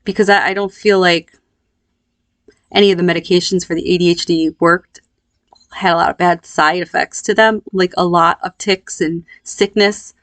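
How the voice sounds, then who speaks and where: A woman in her thirties telling a personal story in a candid, reflective, unhurried way. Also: on the low side, fairly even intonation, no echo. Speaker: vlogger.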